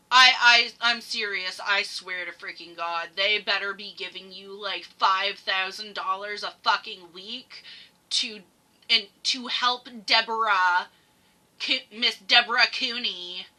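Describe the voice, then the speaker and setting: Just typing: woman reacting on camera, super bright tone, rambling and angry, cusses a lot. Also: medium pitch, slow pace. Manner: heated, swears often, rambling. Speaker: reaction video host. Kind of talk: emotional commentary rant.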